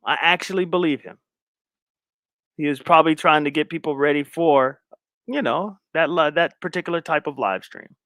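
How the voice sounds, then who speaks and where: A man's voice: a little high, moderate pace, a bit bright, no room sound, studio quality. A man hosting a casual live stream, talking loosely in slang and repeating his phrases while he shares his screen. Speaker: live stream commentary host.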